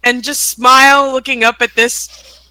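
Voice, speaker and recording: A woman playing a tabletop game, calmly describing her character's actions. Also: high voice, unhurried, dry recording, low-quality recording. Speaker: player. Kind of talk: tabletop role-play.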